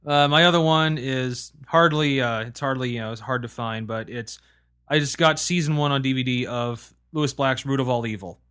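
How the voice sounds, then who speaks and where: A man's voice: mid-range voice, moderate pace, bright, forceful tone, clear, resonant tone. A man co-hosting a podcast, chatting casually, teasing his partner with exasperated, swearing banter. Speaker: podcast co-host. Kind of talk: casual banter about games and media.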